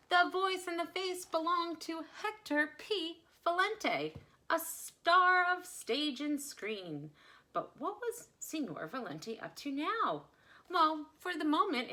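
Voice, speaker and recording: A woman reading a children's picture book aloud with expressive, dramatic delivery. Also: sits high. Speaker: storyteller.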